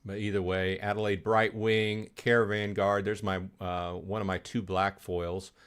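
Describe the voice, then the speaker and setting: A man's voice: lowish voice, level tone, a little slow, clear, resonant tone. A man hosting a casual gaming live stream, rambling with many fillers and restarts as he reads chat.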